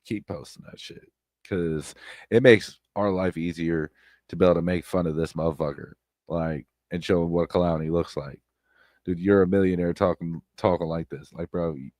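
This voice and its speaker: Low-voiced man ranting on a stream. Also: fairly even intonation, moderate pace, no room sound, clean studio sound. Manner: blunt, swears freely, repeats himself, loud outbursts. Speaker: streamer commenting on online drama. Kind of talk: casual profane commentary stream. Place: home streaming setup. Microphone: close streaming mic.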